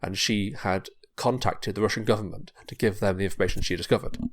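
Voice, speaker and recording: A man voicing a male spy-assassin who protests his innocence with stammering, hurried denials. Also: lowish voice, fairly even intonation, natural voice. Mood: defensive. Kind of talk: podcast pitch, acted-out quote.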